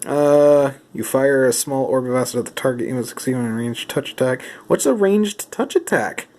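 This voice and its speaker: A man's voice: mid-range voice, animated, moderate pace, a little mellow. Man, mid-range voice, mock-serious vlogger who feigns outrage in a comedic monologue and keeps asking questions to a silent sidekick. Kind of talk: comedic monologue while reading rulebooks.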